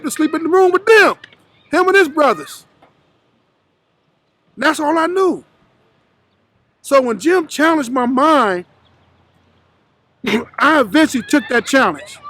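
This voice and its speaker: High-voiced man telling a blunt story. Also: pushed and bright. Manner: blunt, profane, acts out quoted voices. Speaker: guest telling his life story. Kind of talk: storytelling in an interview.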